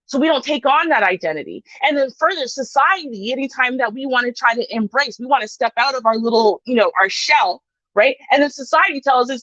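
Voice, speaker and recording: A woman with a fairly high voice speaks with passion in a casual panel chat and keeps checking in with "right?". Her voice sounds dry and slightly dull, like call audio. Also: expressive, fairly quick, fairly bright tone, no echo. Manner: impassioned, keeps asking "right?". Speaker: podcast panelist.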